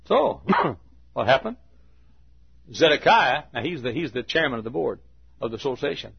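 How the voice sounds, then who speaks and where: An older man preaching a sermon in a church, telling a story in a folksy, chuckling way and swinging from hushed asides to loud, emphatic lines. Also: medium pitch, very animated, unhurried, gravelly, long pauses, slightly rough, highs cut off. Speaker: pastor.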